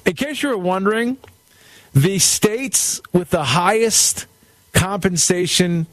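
A man's voice: fairly high pitch, no room sound. A man hosting a talk radio show, rambling casually through news stories and often stopping to search for words. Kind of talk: casual rip-and-read talk.

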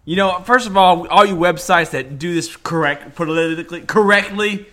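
Young guy cohosting a chill podcast, kinda high bright voice, lots of ums and laughing. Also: normal speed. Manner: rambling, lots of fillers and laughing. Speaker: podcast co-host. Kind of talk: casual chat.

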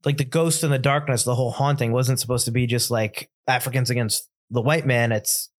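A man co-hosting a casual movie podcast, giving opinionated, animated critiques. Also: medium pitch, brisk. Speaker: podcast co-host.

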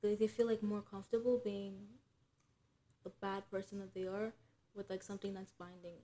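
A woman's voice: medium pitch, little pitch movement, normal speed, warm tone. A young woman co-hosting a casual podcast chat, talking loosely with lots of "like" fillers and thinking aloud. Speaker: podcast co-host.

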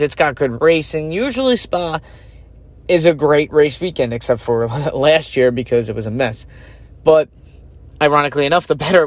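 A man talks through his views in a loose, chatty solo commentary, often thinking aloud with fillers. His voice sits a little high for a man. The sound is dry and close, with no room echo. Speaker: podcast host.

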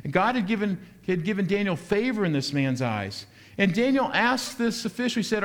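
A man with a notably high-pitched voice preaches a sermon. He is lively, throws rhetorical questions at the congregation, and keeps changing his pace from quick stretches to slow, deliberate ones. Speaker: pastor.

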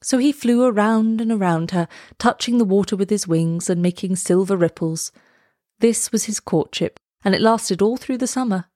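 A woman narrating a fairy tale aloud in a measured, expressive storytelling voice. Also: mid-range voice, no room sound, studio quality.

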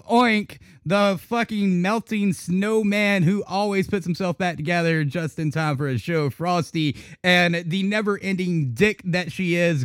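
Excitable swearing male podcast host, high lively voice, dry close sound. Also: no echo. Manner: excitable, swears constantly, laughs a lot. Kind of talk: casual uncensored chat.

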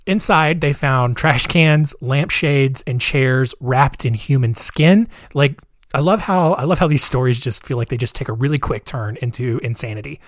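A man's voice: mid-range voice, no room sound, clean studio sound. A young man casually retelling a true-crime story, chatty, with fillers and personal asides.

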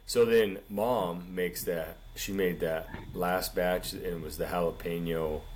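A man co-hosting a casual podcast, telling a rambling story in an animated way and saying "dude" constantly. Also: deep voice, unhurried, a little hiss or hum. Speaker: podcast co-host.

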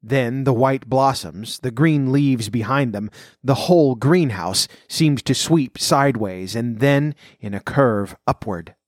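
A man's voice: mid-range voice, measured pace, no room sound. Man narrating a story, dry sound. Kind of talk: audiobook reading.

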